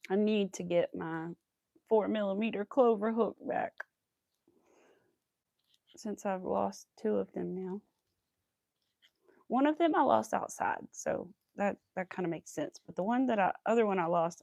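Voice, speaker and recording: A young woman with a light Southern accent chats away while she crochets on a livestream. She rambles from one thing to the next and laughs a lot. Her voice has a gravelly fry, and the sound is close and dry. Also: medium pitch, measured pace, pauses often, a little mellow, no echo. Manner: chatty, rambling, laughs often, talks to her dog.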